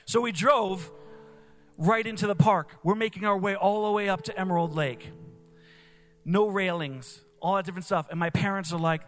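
A man's voice: high voice, normal speed, a bit bright, long reverb tail, soft background music. A young man from New Jersey preaching a sermon in a conversational way, with casual fillers. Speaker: pastor. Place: church.

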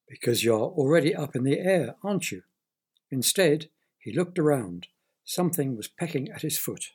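Husky man reading a children's story. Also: medium pitch. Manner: gentle, explains words to young listeners.

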